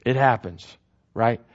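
A man teaching the Bible verse by verse in a conversational way. He repeats key phrases and keeps asking "right?". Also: medium pitch. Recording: dull lo-fi recording.

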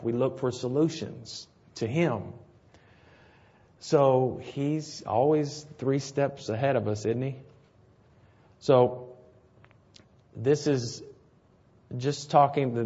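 A man's voice: medium pitch, darkish tone, slightly rough. Conversational preacher man, slightly muffled. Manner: conversational, asks the listeners rhetorical questions. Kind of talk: sermon. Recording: slightly dull, lo-fi sound.

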